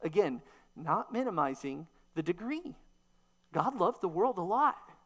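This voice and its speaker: A woman's voice: on the low side, very animated, a little slow. A woman preacher delivering a sermon, teaching emphatically and posing rhetorical questions.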